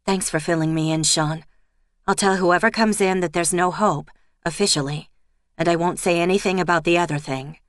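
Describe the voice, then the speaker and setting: A woman's voice: fairly low pitch, fairly even intonation, normal speed, no echo, clean studio sound, lightly acted. A woman voicing a young female pub owner who speaks directly and a little impatiently.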